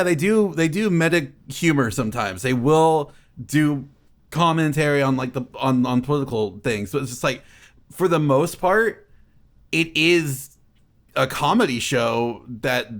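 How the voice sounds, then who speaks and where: A young man chatting casually as a podcast co-host, rambling with lots of fillers and frequent laughter. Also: medium pitch. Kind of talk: casual chat.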